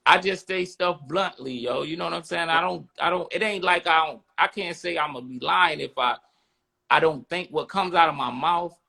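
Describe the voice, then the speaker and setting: Gravelly, bright-voiced blunt man. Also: on the high side, normal speed. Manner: blunt, streetwise, repeats "you know what I'm saying". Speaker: podcast co-host. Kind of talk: casual podcast talk.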